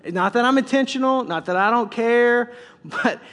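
A man with a high voice preaches a sermon in a chatty, humorous way. He stumbles and restarts often and acts out what other people might say. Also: moderate pace, fairly bright tone, long reverb tail. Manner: conversational, joking, with many restarts and acted quotes. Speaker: pastor.

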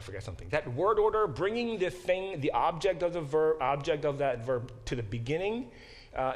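A man teaching a Bible class in a conversational lecture style, often acting out quoted speech and restarting his sentences. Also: mid-range voice. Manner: animated, acts out quoted speech.

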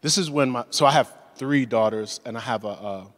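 A man in his forties preaching a sermon, telling stories in a lively way and acting out the voices of the people in them. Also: mid-range voice, fairly quick. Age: 40s. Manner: animated storytelling, acts out voices. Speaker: pastor. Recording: long hall reverb.

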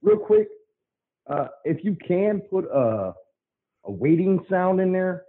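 A man's voice: sits high, very animated, slow. Man on a tinny phone line. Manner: rambling, earnest, folksy. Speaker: caller. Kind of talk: casual call-in chat.

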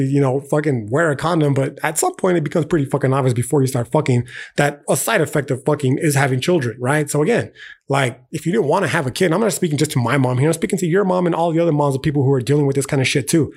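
A man's voice: a little high, fast, vocal fry, slightly rough. A young man with a slightly raised voice rants on a casual podcast. He is heated and profane, and he keeps punching his points with slang and a repeated "okay". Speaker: podcast host. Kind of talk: casual philosophical rant.

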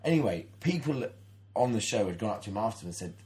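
A man's voice: fairly low pitch, animated, fast talker, darkish tone. A man in his thirties, co-hosting a casual podcast and telling a long story with many restarts and acted-out quotes. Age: 30s. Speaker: podcast co-host. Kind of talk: casual chat, anecdote.

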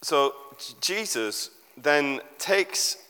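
Bright-voiced male preacher, casual and self-mocking, in a reverberant hall. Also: fairly high pitch, animated, extremely slow. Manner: chatty, digressive, self-deprecating humor. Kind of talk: informal sermon with props. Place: church hall with audience. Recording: echoey hall.

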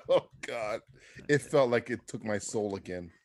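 A man's voice: medium pitch, expressive, slow pace. A man co-hosting a podcast, wisecracking and laughing a lot in casual chat about a movie. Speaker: podcast co-host.

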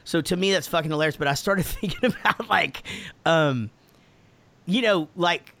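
A man's voice: a little high, normal speed, creaky, loud music behind the voice. An American man in casual podcast chat, answering fan questions with lots of laughing, swearing and restarts. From United States. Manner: laughing, profane, rambling with restarts.

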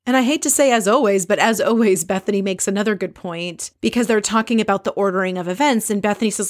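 A woman's voice: mid-range voice, quick pace, few pauses. A chatty woman recaps a reality show in an easy, conversational way. She is opinionated and often slips into little impressions of the people she is describing. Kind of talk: casual recap chat.

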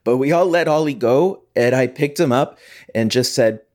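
A young actor playing a guilt-ridden, defensive teenage hockey player in a theatre monologue, rambling and constantly seeking agreement. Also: male voice, medium pitch, moderate pace, darkish tone, close to an everyday voice. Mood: guilty.

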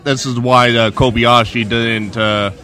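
A man's voice: medium pitch, steady tone, measured pace, sharp tone. Easygoing male podcast co-host. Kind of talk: casual podcast chat. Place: bar at a resort, indoors. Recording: faint bar music behind.

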